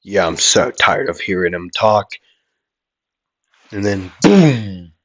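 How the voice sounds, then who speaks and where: A man's voice: low voice, expressive, slow. A man improvising a fan-fiction fight story, rambling with hesitations and mouthed sound effects. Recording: dull lo-fi audio.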